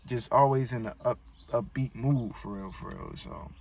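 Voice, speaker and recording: A man's voice: mid-range voice, moderate pace, vocal fry, darkish tone. Laid-back male interview host. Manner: laid-back, sympathetic, slangy. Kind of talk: casual interview chat. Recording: distant mic with faint noise.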